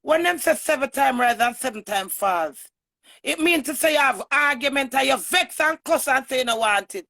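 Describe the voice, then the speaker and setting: A woman with a Jamaican accent giving a heated, emphatic livestream rant to her viewers, swinging from loud bursts to low mutters. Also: animated, normal speed, gravelly. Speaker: online personality.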